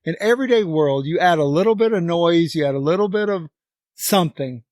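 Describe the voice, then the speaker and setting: A man's voice: a little high, animated, fairly quick, a little mellow, dry recording, clean studio sound. A middle-aged man with an Oklahoma accent, co-hosting a casual podcast chat in a rambling, emphatic way, stretching words for effect. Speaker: podcast co-host.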